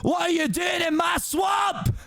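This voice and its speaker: A tipsy man voicing a gruff, grumpy male ogre with an exaggerated, growling Scottish accent. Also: very high voice, measured pace, bright, forceful tone, no room sound, raised voice, studio quality, pitched above the performer's own voice, exaggerated voice. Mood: angry. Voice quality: growling, aggressive.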